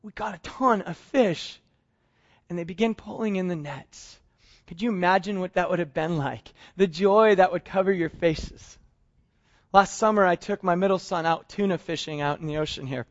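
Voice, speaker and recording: A middle-aged man preaching a sermon, telling a story in a lively way and acting out the dialogue. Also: high-pitched, moderate pace, highs cut off. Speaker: pastor.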